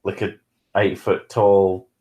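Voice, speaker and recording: A southern English man with a low voice, hosting a stream in casual, joking, sweary banter. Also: completely flat delivery, slow, warm tone. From southern England. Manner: swearing, self-mocking, joking. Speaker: streamer, show host.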